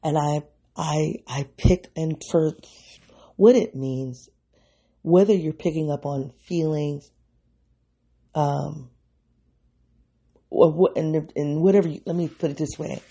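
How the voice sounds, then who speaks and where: Speaking slowly and pausing often, a podcast host with a high-leaning, gravelly voice, mellow and breathy at the edges, muses in a solo episode. He rambles, cuts himself off, and talks straight to his audience.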